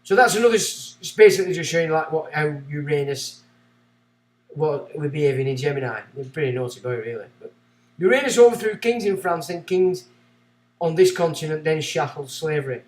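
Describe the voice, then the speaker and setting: A man with a fairly high voice hosts a livestream, reading passages from a book aloud. He keeps breaking off into rambling, excitable asides. The sound is roomy and echoey. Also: a little fast. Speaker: livestream host.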